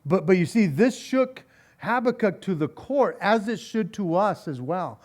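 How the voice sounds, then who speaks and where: A man's voice: high voice, expressive, unhurried, darkish tone. A male pastor giving a conversational Bible study. He reads scripture aloud, then explains it with wry sarcasm, chuckling and repeating words as he goes.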